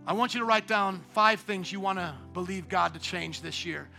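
A male pastor's sermon fills a church sanctuary, his voice high, bright and ringing yet gravelly, at normal speed. Soft instrumental music sits underneath as he shifts from near-whispered asides up to loud, shouted exhortation.

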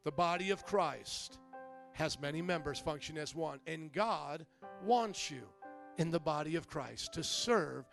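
A middle-aged man preaching a sermon as pastor, telling humorous stories in an animated way. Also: on the high side, a little slow, creaky, soft background music.

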